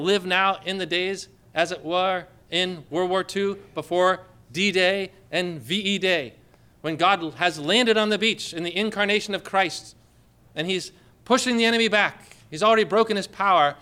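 A man's voice: high voice, sharp tone, clear, resonant tone. A man preaching a sermon in an emphatic, dramatic way, building his points with rising emphasis.

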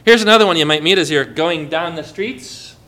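A man preaching a sermon in an animated way, often putting questions to the congregation. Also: a little high, brisk. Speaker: pastor.

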